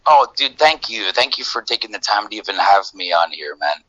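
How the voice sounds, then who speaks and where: Male rocker guest, very bright and forceful tone, dry close sound, swears freely and tells stories with loose, animated energy. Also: lowish voice, fairly quick, no echo, highs cut off. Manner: profane, laid-back, animated storytelling. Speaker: musician guest. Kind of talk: casual interview chat.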